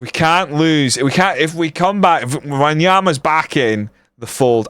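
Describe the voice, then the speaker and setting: A man live-streaming a football management game, swearing often and reacting loudly to the match as he chats with viewers. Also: on the high side, measured pace, few pauses, smooth, dry recording, studio quality.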